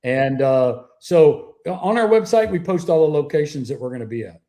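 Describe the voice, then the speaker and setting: Guy, mellow voice a bit high, swears a lot telling cop stories over a call. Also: lively intonation, moderate pace. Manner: salty, profane anecdote-telling. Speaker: guest author, retired police officer. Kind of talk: casual storytelling interview.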